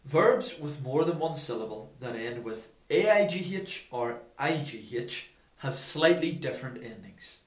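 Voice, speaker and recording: A man reading a scripted language lesson slowly and deliberately, repeating each example. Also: medium pitch, lively intonation. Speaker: language teacher. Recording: roomy echo.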